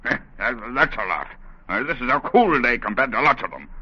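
Brief: barking, shifty work-camp foreman, harsh forceful voice, dull old radio sound. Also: medium pitch, big pitch swings, a little fast, husky, exaggerated voice. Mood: gruff. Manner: barking, stammering when nervous. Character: bossy, evasive camp foreman. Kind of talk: 1940s radio acting.

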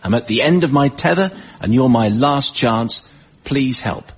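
A man's voice: mid-range voice, animated, measured pace, slightly rough. Man hosting a radio comedy panel. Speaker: panel show host. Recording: dull radio sound with background noise.

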